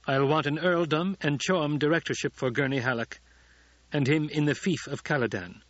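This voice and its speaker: A man's voice: a little high, moderate pace, no echo, dull audio, pitched above the performer's own voice, close to an everyday voice. A man voicing a commanding young ruler. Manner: commanding, clipped. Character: young male ruler, commanding, cold, calculating.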